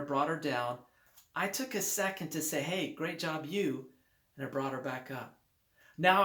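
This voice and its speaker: A man who writes motivational books telling a personal anecdote to his viewers in an upbeat, lively way with emphatic repetition. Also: fairly high pitch. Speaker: motivational author. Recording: roomy echo.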